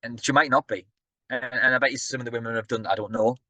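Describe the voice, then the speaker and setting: A man's voice: mid-range voice, steady tone, fast talker, bright, forceful tone. A man delivering a motivational business talk in a mid-range voice. He speaks energetically and chattily, often asking the audience questions. The sound is dry and close, with little room echo.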